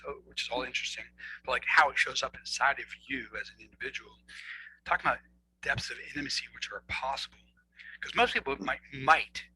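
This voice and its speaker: Male coach guest, very forceful tense tone, earnest, acts out inner dialogue. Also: mid-range voice, quick pace, slight background noise, low-quality recording. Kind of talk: conversational explaining.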